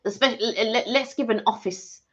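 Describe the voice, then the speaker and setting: A woman co-hosting a live stream, chatting casually and explaining things in an earnest, animated way. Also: fairly high pitch, brisk, muffled recording. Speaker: channel co-host.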